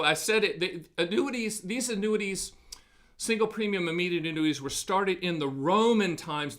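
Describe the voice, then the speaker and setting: Bright, high-voiced man hosting. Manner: folksy, punchy, salesman banter. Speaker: host of an annuity live event. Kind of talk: energetic sales-education talk. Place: studio.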